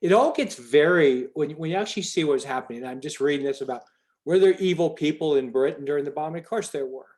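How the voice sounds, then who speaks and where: A man's voice: fairly high pitch, fast talker, darkish tone. A man leading a group video call, talking in a rambling, emphatic way with many restarts. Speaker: call organizer.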